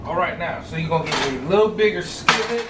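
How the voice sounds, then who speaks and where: A man cooking in a home kitchen, calmly giving step-by-step instructions to his viewers. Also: on the high side, fast talker. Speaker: home cook. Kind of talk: cooking demonstration. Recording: echoey room from a distance, noise.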